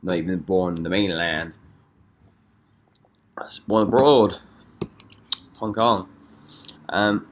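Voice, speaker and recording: Young male vlogger from Scotland, very low pitch, hesitant and rambling delivery. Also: creaky, a bit bright, a little hiss or hum. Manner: rambling, hesitant, many fillers. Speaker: dance artist vlogger. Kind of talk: casual vlog. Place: London.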